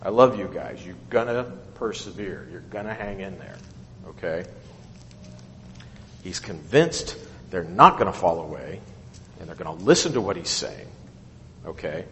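A man's voice: deep voice, a little slow, long pauses, slight background noise. A man leading a Bible study, explaining a passage verse by verse and often checking in with "okay?". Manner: animated, keeps asking okay and right. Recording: echoey hall with long reverb.

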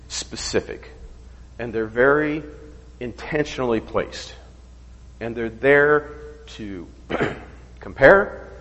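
In a low-quality recording with a long reverb tail, a man with a medium-pitched, a bit bright voice leads a casual Bible study. He keeps asking questions and saying "okay?" to check in, pausing now and then to find his words.

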